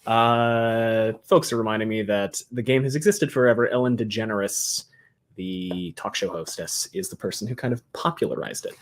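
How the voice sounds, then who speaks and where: Halting man co-hosting a podcast stream. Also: lowish voice. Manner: halting, explains rules with many fillers and restarts. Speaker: podcast co-host. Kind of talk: casual livestream chat.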